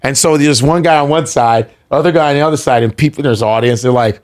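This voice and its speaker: Animated, profane comedian telling a story. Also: male voice, mid-range voice, fast. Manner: animated, profane, acts out voices. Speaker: comedian guest. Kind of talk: comic storytelling on a podcast.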